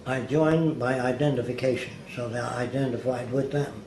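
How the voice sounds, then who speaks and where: A man's voice: medium pitch, fairly even intonation, normal speed, darkish tone. Older man telling long anecdotes. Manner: rambling anecdotal storyteller, acts out quoted people. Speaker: interview guest. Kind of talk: storytelling in an interview. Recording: roomy, faint background hiss.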